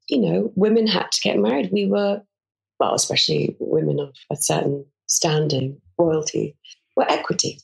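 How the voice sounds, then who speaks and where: A woman's voice: fairly low pitch, fairly even intonation, normal speed, creaky. A woman in her forties, a podcast guest telling frank, self-mocking stories in a candid interview. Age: 40s.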